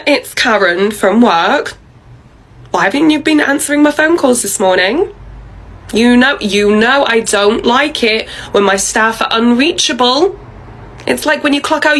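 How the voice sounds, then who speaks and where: A woman's voice: on the high side, a bit bright, poor audio. A woman voicing a bossy, pushy female manager who dodges blame and leans on her staff. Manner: pushy, wheedling, dodging blame.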